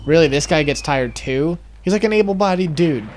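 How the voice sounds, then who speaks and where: A man's voice: on the high side, lively intonation, a little fast, a little hiss or hum. A man casually commenting on a video game and reading its text aloud, with dry, offhand remarks. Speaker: let's play co-host.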